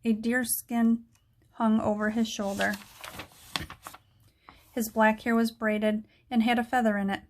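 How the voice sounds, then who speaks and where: A woman narrating a children's book aloud in a steady storytelling manner. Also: a little high, a little slow, long pauses, a little hiss or hum.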